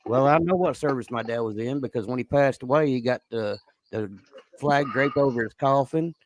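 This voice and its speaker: A man's voice: mid-range voice, moderate pace. A man ranting in casual commentary, indignant and exasperated.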